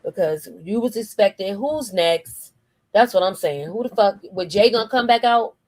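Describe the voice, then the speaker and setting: A woman with a New Jersey accent hosting a casual chat, talking in slangy, animated commentary. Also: medium pitch, brisk, no room sound, low-quality recording. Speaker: host.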